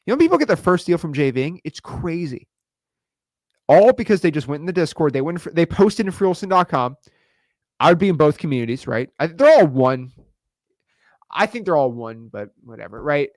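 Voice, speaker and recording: A man coaching viewers in an energetic video lesson, fast, slangy and emphatic, repeating words for punch. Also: fairly high pitch, no echo, clean studio sound. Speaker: real estate wholesaling coach.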